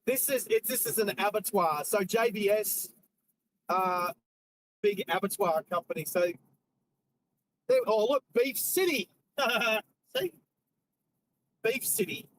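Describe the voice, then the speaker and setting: Speaking slowly and expressively with frequent pauses, a high-voiced Australian man chats with his live-stream viewers from behind the wheel. He switches between talking about the road and its sights and answering the chat. The recording is rough, carrying a slight hiss or hum.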